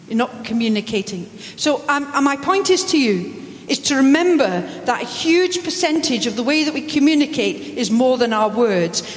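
A woman minister giving a lively, playful sermon, acting out examples for her congregation. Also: high-pitched. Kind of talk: sermon with audience participation. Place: church hall. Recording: echoey church hall.

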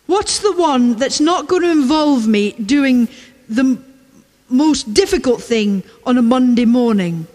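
Woman, preacher, sermon, slow and measured, high voice, long church reverb. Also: expressive, darkish tone. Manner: measured, repeats key lines for emphasis.

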